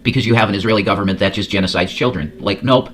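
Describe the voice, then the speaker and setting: A lower-voiced man riffing through casual reaction commentary. He swears constantly and rambles, stumbling over repeated words. A faint noise sits under the recording. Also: racing, a bit bright. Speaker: host.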